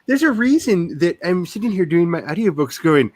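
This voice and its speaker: Woman, Southern US accent, casual livestream chat, self-mocking, very lively intonation. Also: fairly low pitch, normal speed, hardly any pauses. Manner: animated, self-mocking, laughs often. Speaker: author hosting a writing livestream.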